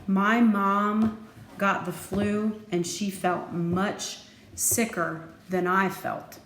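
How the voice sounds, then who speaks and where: Woman, teacher, remote lesson, slow, deliberate, playful, echoey room, faint noise. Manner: slow, deliberate, playful teacher talk with sudden lively pitch jumps. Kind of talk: recorded remote phonics lesson.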